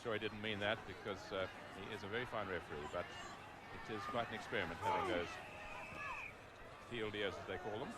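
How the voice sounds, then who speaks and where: A middle-aged man giving live rugby play-by-play commentary, calm for background facts and rising to excited calls at big moments. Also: on the low side, a little fast, over a noisy crowd, very noisy.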